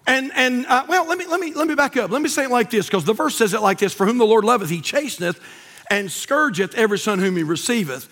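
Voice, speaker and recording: A man preaching a sermon in a church, swinging from hushed asides to shouted appeals. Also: extremely high pitch, expressive, fast, big-room sound. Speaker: pastor. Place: church sanctuary.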